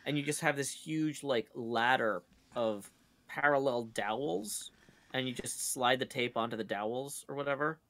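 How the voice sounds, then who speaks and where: Man stream co-host, gravelly mid voice, rambling and loose. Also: medium pitch, normal speed, fairly bright tone, no room sound. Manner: rambling, full of fillers. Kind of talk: casual chat on a live stream.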